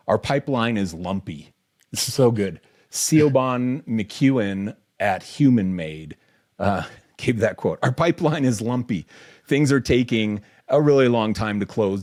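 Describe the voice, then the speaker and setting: A man co-hosting a casual podcast, reading quotes aloud in a relaxed way. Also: lowish voice. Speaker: podcast co-host.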